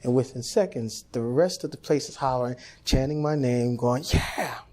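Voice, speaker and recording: A man's voice: medium pitch, normal speed. A man, a jazz pianist, telling a story in an interview and acting out the voices of the people in it. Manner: animated storyteller, acts out quoted voices.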